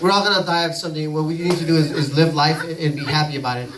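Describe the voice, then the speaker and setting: A man's voice: fairly high pitch, steady tone, racing. A man doing a rambling, crude stand-up comedy set full of profanity on a comedy club stage. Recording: distant mic, noisy live recording.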